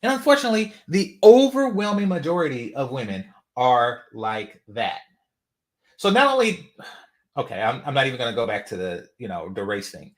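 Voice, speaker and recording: A man's voice: medium pitch, big pitch swings, moderate pace. A man from the Bay Area giving a casual, profane commentary monologue, mocking and repeating phrases for effect. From San Francisco Bay Area. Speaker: commentary channel host.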